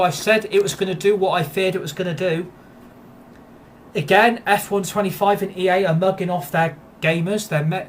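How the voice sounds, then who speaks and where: Man, gaming YouTuber, furious repetitive rant, raised pitch. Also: a little hiss or hum. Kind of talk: angry gameplay rant.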